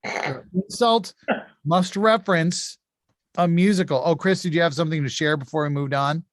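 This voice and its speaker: A man hosting a streamed insult comedy game, brisk and joking, often laughing as he reads out the rules. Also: a little high, no echo, studio quality.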